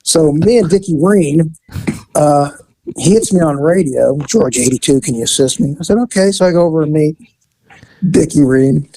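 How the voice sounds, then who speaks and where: A man and former police officer, telling a story in a casual, animated way and acting out the voices in it. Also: on the high side, moderate pace, no echo. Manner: animated, acts out voices in his stories.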